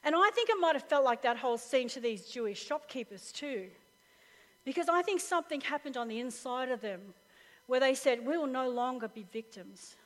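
High-voiced woman pastor preaching live. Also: fairly quick. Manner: animated storytelling, laughs often. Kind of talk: sermon. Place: church hall with live audience. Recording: reverberant live hall recording.

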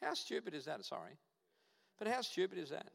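Guest pastor, male, high voice, emphatic sermon delivery in a church hall with a long echo. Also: wildly swooping pitch, a little fast, gravelly. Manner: emphatic, repeats short punchy phrases.

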